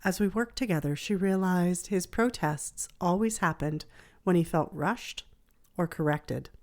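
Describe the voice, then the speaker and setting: Gentle, measured woman therapist host. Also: lowish voice. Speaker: child therapist and podcast host. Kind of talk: scripted reflective podcast narration.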